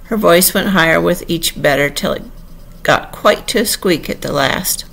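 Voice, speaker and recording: Gravelly-voiced woman reading a storybook. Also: lowish voice, moderate pace, a bit bright. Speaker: audiobook reader. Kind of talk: storybook narration.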